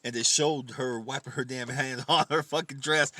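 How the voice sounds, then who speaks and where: A man's voice: medium pitch, steady tone, moderate pace, bright, forceful tone, no echo. A man hosting a casual comedy podcast, swearing freely, teasing his co-host and laughing often.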